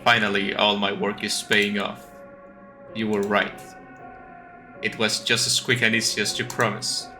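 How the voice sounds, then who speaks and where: A man voicing a brooding man leaving for a world of dreams, reading game lines slowly in a lowered voice. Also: level tone, pushed and bright, faint music behind. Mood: solemn. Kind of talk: reading game dialogue aloud.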